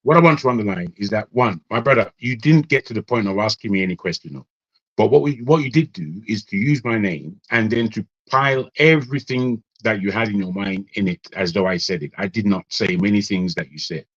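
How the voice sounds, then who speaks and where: A man's voice: fairly low pitch, fairly bright tone, no room sound, muffled recording. A man, a guest in an online debate, firmly rejecting how his words were used. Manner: firm, measured. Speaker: panel guest.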